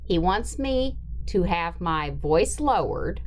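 A woman's voice: fairly low pitch, big pitch swings, slow, a little hiss or hum. A woman hosting a podcast in casual chat, rambling and chatty with trailing fillers. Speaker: podcast host.

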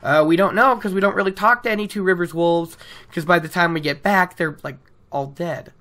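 A woman's voice: lowish voice, a little fast, fairly bright tone. A woman casually recapping a book chapter, chatty and laughing, acting out characters' lines as she goes. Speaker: book discussion podcaster.

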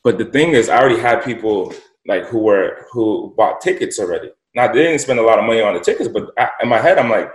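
Young adult male guest, animated slangy storyteller, in an echoey room. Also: fairly low pitch, fast talker. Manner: animated, slangy, repeats words. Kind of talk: casual storytelling interview. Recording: roomy echo.

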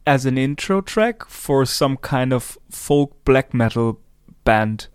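A man's voice: medium pitch, animated, slow, smooth, no room sound, clean studio sound. A man chatting enthusiastically and loosely about a song on a music podcast. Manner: enthusiastic, laid-back, filler-heavy. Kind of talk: casual music review chat.

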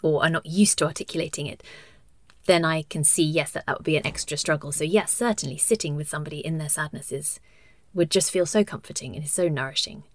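A woman interviewing a guest, asking gentle, encouraging, measured questions. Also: deep voice, no echo, clean studio sound. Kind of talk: conversational interview.

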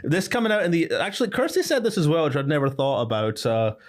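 A man's voice: fairly high pitch, very animated, fast talker. A man hosting a podcast, chatting casually about a film, swearing freely and laughing easily. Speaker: podcast host.

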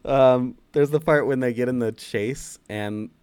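A man's voice: medium pitch, measured pace, darkish tone, clean tone, no room sound. A man co-hosting a film podcast in casual chat, laughing often and quoting movie lines in funny voices. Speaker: podcast co-host.

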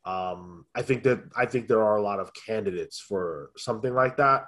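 A man co-hosting a podcast, chatting casually in a thoughtful way, often pausing with ums and restarting his sentences. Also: on the low side, a bit bright. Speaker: podcast co-host. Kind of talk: casual review chat.

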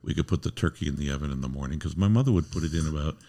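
Male guest, very low gravelly voice, deadpan jokes. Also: very fast. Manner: dry, joking. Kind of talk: casual chat.

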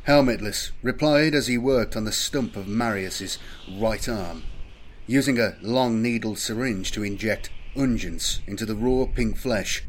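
A man giving steady, measured scripted narration of an audiobook. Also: fairly low pitch.

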